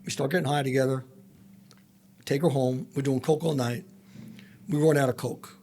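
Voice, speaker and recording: A man's voice: mid-range voice, steady tone, normal speed, a little mellow. A man, a former federal agent, telling blunt and profane stories full of quoted dialogue as a podcast guest. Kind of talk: storytelling in a casual interview.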